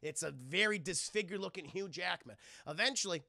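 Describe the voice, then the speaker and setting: A young adult man recapping a film on a live stream in a casual, animated, profane way, talking to his chat. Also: sits high, a little fast, vocal fry, no room sound.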